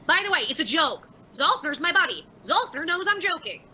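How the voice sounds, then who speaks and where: A woman's voice: very high-pitched, sing-song, brisk, sharp tone, slight background noise, low-quality recording. A woman hosting a casual livestream, reading out viewer chats and answering them by name in a sarcastic, laughing way. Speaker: livestream host.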